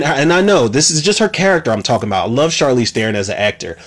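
A man rants casually through a movie recap, swearing freely and growing exasperated. His voice sits at an ordinary middle pitch and jumps up when he gets worked up. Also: fast talker, hardly any pauses, husky. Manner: profane, animated, exasperated. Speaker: movie reviewer.

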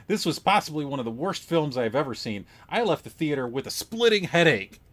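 A man's voice: on the high side, big pitch swings, fairly quick, fairly bright tone. A man co-hosting a movie podcast, chatting casually and animatedly, often repeating words for emphasis and laughing. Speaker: podcast co-host.

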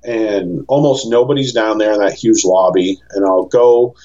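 A man, a podcast guest, telling stories in a rambling, animated chat and acting out the voices of people he quotes. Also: on the low side, normal speed, muffled recording. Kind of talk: casual storytelling chat.

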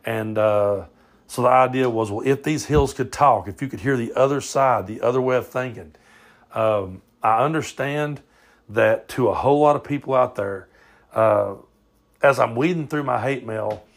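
A Southern American man hosts his own small podcast, talking straight into his phone in a loose, drawling ramble. His voice carries a gravelly fry, and he swears freely and casually as he goes. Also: mid-range voice, moderate pace. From southern United States. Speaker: podcast host.

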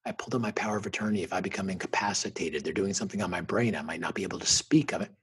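Husky-voiced middle-aged man, emphatic. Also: sits low, very fast, fairly bright tone. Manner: emphatic, intense, punchy repeated phrases. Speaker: guest, motivational speaker. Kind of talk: emotional personal storytelling.

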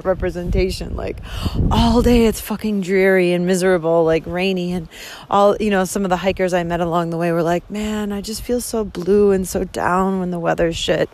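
A woman's voice: medium pitch, darkish tone, a little hiss or hum, low-quality recording. A woman in her thirties vlogging outdoors on a hike, talking effusively with lots of swearing and fillers, recorded on a handheld phone. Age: 30s. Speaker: vlogger on a long-distance hike. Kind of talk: casual spoken vlog monologue. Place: outdoors on a coastal hillside at dusk.

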